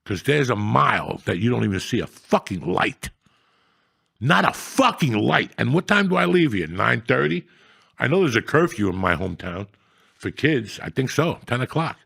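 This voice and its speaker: A middle-aged man tells rambling, profane stories in a blunt, casual way. His voice is gravelly and husky. The sound is dry and close, with no room echo. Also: medium pitch, sing-song, moderate pace, fairly bright tone. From New Jersey. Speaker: storyteller guest. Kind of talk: casual storytelling chat.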